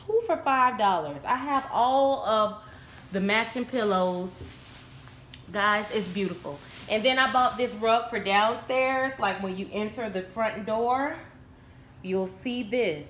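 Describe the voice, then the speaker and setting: A woman chatting casually to the camera at home, showing off a shopping haul and getting excitable over bargains while calling her viewers y'all. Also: medium pitch, measured pace, roomy sound, slight background noise. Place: room at home.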